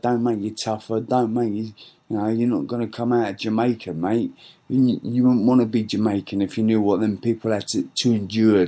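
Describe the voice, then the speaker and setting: A middle-aged man delivers an angry, rambling rant, cursing freely and circling back on his own words. His voice sits low and heavy. He talks to listeners like a podcast host letting off steam. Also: warm tone. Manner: angry, profane, rambling with repeated restarts. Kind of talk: ranting monologue.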